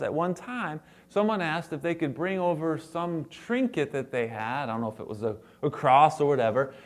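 A man preaching a sermon as a pastor to his congregation, animated and playful, acting out the lines he quotes. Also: fairly high pitch.

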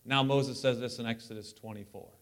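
A male pastor preaching a sermon in a church, animated and lively, breaking up the teaching with joking asides. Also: medium pitch, a little fast. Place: church sanctuary.

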